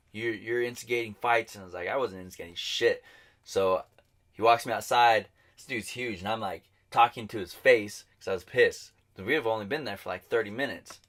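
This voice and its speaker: A man co-hosting a podcast, telling a bar fight story in casual chat, swearing and acting out what people said. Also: on the low side. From New Mexico, US. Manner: animated, swearing, acts out quotes. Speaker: podcast co-host.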